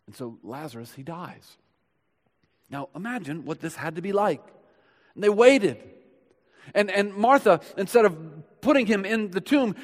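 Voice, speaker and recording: A man preaching a sermon, swinging from loud emphasis to hushed tones and asking searching questions. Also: high-pitched, big-room sound. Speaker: pastor.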